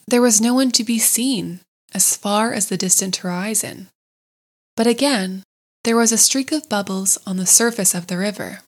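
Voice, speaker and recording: A woman narrates a classic storybook in a gentle, measured voice. Her pitch sits in an ordinary middle range, calm and unhurried. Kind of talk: storybook read-aloud.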